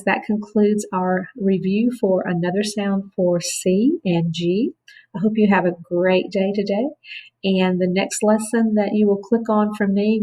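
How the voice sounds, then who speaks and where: A woman teaching a phonics lesson to children, speaking clearly and encouragingly as she sounds out words. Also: mid-range voice, a little mellow.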